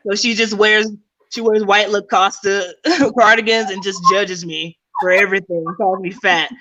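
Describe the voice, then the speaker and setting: A woman's voice: mid-range voice, fairly even intonation, normal speed, pushed and bright, highs cut off. A woman stand-up comedian, rambling and giggling through her set. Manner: rambling, giggly, jokes with voices.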